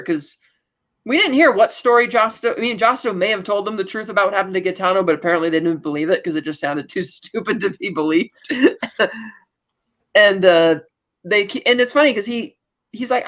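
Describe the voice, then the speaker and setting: A woman's voice: medium pitch, brisk. A woman co-hosting a podcast, recapping a story in casual chat and acting out the characters' lines with laughs. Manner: animated retelling that acts out quoted lines, with laughs. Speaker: podcast co-host. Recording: dull lo-fi sound.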